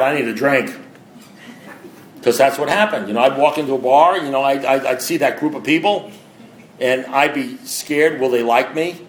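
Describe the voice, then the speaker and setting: A man's voice: medium pitch, roomy sound, a little hiss or hum, low-quality recording. A man sharing a personal recovery story with an audience in a blunt, conversational way, acting out the voices of people in it. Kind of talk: candid personal talk to an audience.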